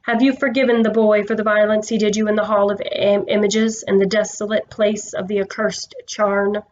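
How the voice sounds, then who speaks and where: A woman voicing a wise, solemn male lion king who speaks slowly and gravely. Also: medium pitch, little pitch movement, a little mellow, highs cut off, natural voice. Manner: slow, grave and measured.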